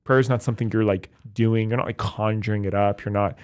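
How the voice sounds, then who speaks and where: A man, a Catholic priest, talking in a relaxed, animated chat full of fillers like "like" and "you know". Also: fairly low pitch, clear, resonant tone. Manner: fast, animated, many fillers. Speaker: Catholic priest, podcast co-host. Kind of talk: casual chat.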